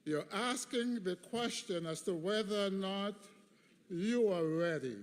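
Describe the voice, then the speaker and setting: A man preaching, voicing God as a quiet, gentle, fatherly voice in a large hall. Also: high-pitched, measured pace. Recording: long hall reverb.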